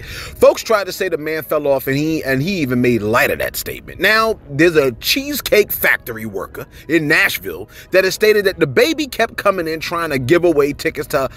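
A man hosting casual celebrity news commentary, chatty and animated, often breaking in to ask "you know what I'm saying.". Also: fairly high pitch.

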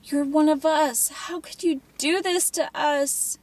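A woman's voice: high-pitched, fairly even intonation, slow pace, darkish tone, voice pushed up. A woman voicing a teenage girl in pain, her voice strained as she pleads and pushes back. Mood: pleading. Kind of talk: audiobook character voice.

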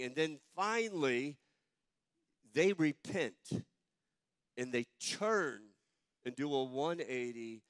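A man's voice: fairly high pitch, lively intonation, slow, long pauses, a bit bright, dry recording. A male pastor preaching a sermon and reading scripture, emphatic and given to stammered restarts.

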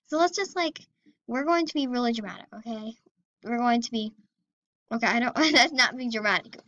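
A young woman chatting excitedly and giggling as she comments on her gameplay. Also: on the high side, fairly quick, no echo, dull audio. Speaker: gaming video host.

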